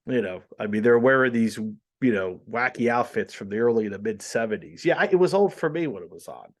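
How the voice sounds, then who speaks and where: A man in his forties hosting a casual podcast at a mid-range pitch. He rambles from one thought to the next and pokes fun at himself as he goes. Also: animated, brisk. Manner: rambling, self-deprecating, laughs at himself. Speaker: podcast host.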